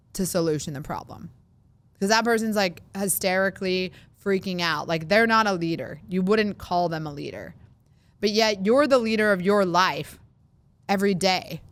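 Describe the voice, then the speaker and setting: A woman in her thirties hosting a solo podcast, talking casually and animatedly, acting out worried voices in quick asides. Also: on the low side, a bit bright. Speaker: podcast host.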